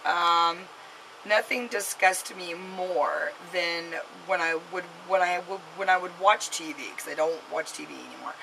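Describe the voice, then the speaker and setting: Mom vlogging, crackly voice, talks in circles w lots of "you know", scolding tone. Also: female voice, lowish voice, unhurried, vocal fry. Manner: rambling, heavy with fillers and restarts; earnest, scolding warning. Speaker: vlogger, mother. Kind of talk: casual storytelling to camera.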